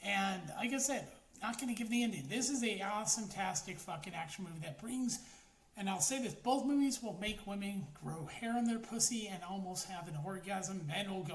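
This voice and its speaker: A woman giving a casual spoken movie review, rambling, excitable and full of swearing. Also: medium pitch, normal speed. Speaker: film reviewer. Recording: roomy echo, faint background noise.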